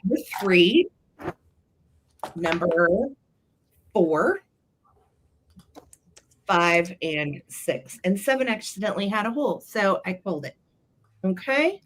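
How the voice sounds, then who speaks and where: A woman's voice: mid-range voice, expressive, takes it slowly, pauses often, fairly bright tone, a little hiss or hum. A woman co-hosting a live vintage sale, chatting sweetly and gushing over the items. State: throat tickle, clearing throat. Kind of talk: live selling chat.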